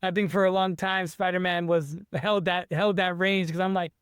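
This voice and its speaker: A man's voice: high-pitched, level tone, normal speed, smooth, no echo, studio quality. A man, an author being interviewed, talking in an eager, rambling way with many restarts. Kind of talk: casual interview chat.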